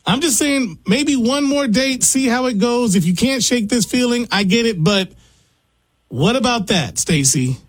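A man hosting a radio show, casually probing and smoothing things over between guests. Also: very high voice, expressive, unhurried, no echo. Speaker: radio host.

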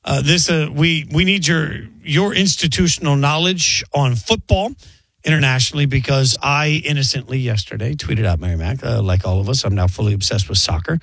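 A man co-hosting a sports radio show, talking casually with rambling, halting starts and jokes. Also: medium pitch, gravelly, a bit bright, no echo. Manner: rambling, hesitant, joking. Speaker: radio co-host. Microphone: studio mic.

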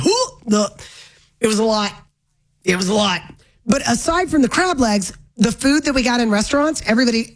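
A chatty woman hosts a talk radio show, reading listener texts in a wry, casual way. Her voice sits fairly high, and she fires off quick asides.

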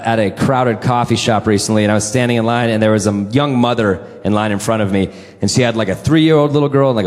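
Stand-up comedian in a big reverberant hall. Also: male voice. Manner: deadpan setups, shrill shouted bits. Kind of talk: stand-up routine.

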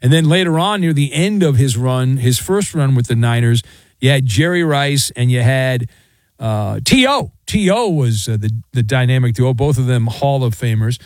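A man's voice: medium pitch, lively intonation, normal speed, no echo. A man hosting a sports talk show, riffing playfully with sarcastic asides.

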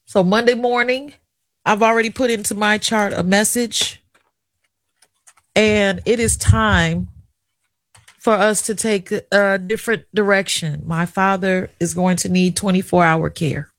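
A middle-aged woman hosts a radio talk show, delivering an emotional personal monologue candidly and chattily, as if confiding, and is tearful at times. Her medium-pitched voice is unhurried with fairly even intonation, in clean studio sound without echo.

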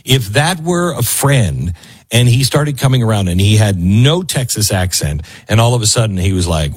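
A man's voice: on the low side, lively intonation, moderate pace, breathy edge. A male talk radio host with a sarcastic, joking, opinionated way of talking.

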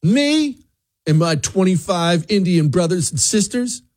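A man's voice: sing-song, unhurried, darkish tone. A man putting on the voice of an indignant man who threatens a protest vote, mocking him. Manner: high-pitched mocking indignation.

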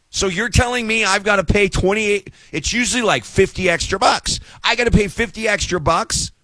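A man's voice: high voice, sharp tone, no echo. A middle-aged man ranting with sarcastic exasperation in a casual monologue.

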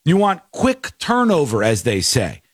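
A man's voice: mid-range voice, wildly swooping pitch, a little slow, slightly rough, no echo, clean studio sound. A man hosting a talk show, ranting in casual banter with mock outrage.

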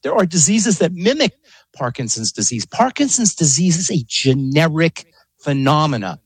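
A man's voice: a little high, sing-song, normal speed, husky, no room sound, rough recording. A man speaking as a pharmacist guest in a radio interview, explaining with emphatic passion.

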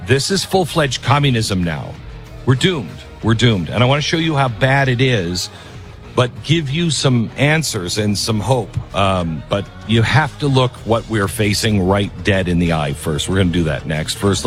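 A man with a fairly low-pitched voice hosts political talk radio, reading an ad emphatically and conversationally while often breaking off and restarting sentences.

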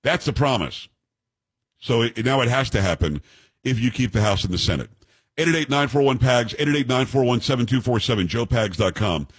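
A man hosting a talk radio show, delivering a rapid, blunt, opinionated monologue into a studio microphone. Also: mid-range voice, lively intonation, slightly rough.

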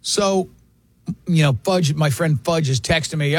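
A man hosting a casual sports radio show, telling lively stories and mimicking other people's voices. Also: fairly high pitch, normal speed. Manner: animated storyteller, mimics voices in quotes. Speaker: radio host.

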